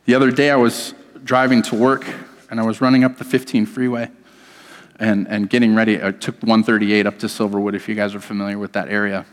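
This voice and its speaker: A man's voice: fairly low pitch, brisk. Man preaching in a reverberant church hall. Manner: storytelling, animated, self-deprecating. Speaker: pastor. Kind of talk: sermon.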